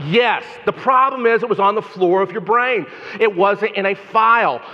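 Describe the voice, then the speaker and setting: A man giving an energetic memory-training talk to a live conference audience, repeating phrases and calling on listeners by name. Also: high voice, moderate pace. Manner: animated, repetitive, addresses audience members by name. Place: large conference hall. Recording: hall reverb, dull lo-fi sound.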